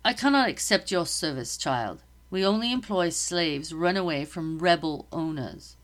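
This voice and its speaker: A woman's voice: lowish voice, lively intonation, normal speed, natural voice. A woman reading aloud, voicing a stern, formal male army captain in a storybook. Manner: formal, clipped, raised commanding voice. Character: stern male British army captain, middle-aged, commanding.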